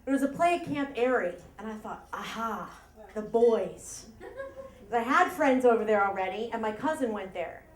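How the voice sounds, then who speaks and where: A woman's voice: a little high, animated, brisk, roomy sound. A woman telling a personal story live on stage to an audience, chatty and self-mocking, laughing at her own lines. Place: live event room with audience.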